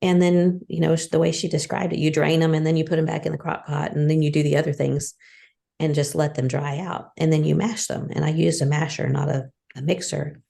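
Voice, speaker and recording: A woman hosting a podcast in casual chat, hoarse with a frog in her throat, chatty and conversational. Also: level tone, a little fast, dark tone. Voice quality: deep and husky. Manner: chatty, conversational, many restarts. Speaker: podcast host.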